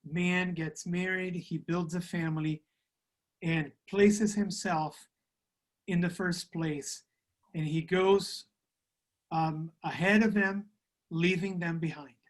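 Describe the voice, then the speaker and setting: Slow, careful male interpreter reading scripture and translating a church class over a video call. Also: high voice, fairly even intonation. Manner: careful, hesitant, with many fillers.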